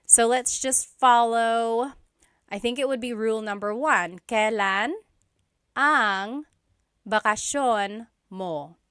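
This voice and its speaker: A woman teaching an online language lesson, patiently repeating phrases slowly for practice, with light laughs between explanations. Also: on the high side, fairly bright tone, smooth, dry recording, studio quality.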